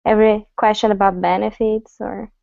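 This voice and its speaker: A woman from Brazil, an HR assistant describing her job in an online class, measured and a little hesitant. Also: mid-range voice, level tone, creaky, dry recording. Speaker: HR assistant, student. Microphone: video call. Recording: muffled lo-fi call audio.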